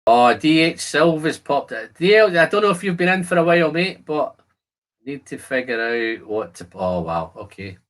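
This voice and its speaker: Speaking at a moderate pace with a fairly high pitch and big swings in tone, a whisky channel host runs a casual live stream. He responds to viewer comments and talks through the aromas of each whisky he samples.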